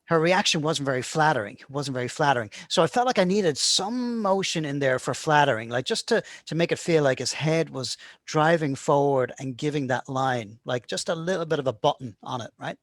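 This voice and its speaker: Guy teaching animation polish, chill, says "right?" a lot, bit higher voice, dead dry sound. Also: expressive, fairly quick, hardly any pauses, no room sound. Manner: casual, keeps asking "right?". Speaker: animation instructor. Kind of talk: screen-recorded tutorial talk.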